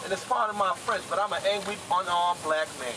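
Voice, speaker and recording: This rally speaker is a man in his twenties with a high voice and a fairly quick delivery. He protests outdoors with urgency and fervor, hammering the same points again and again over heavy crowd and street noise.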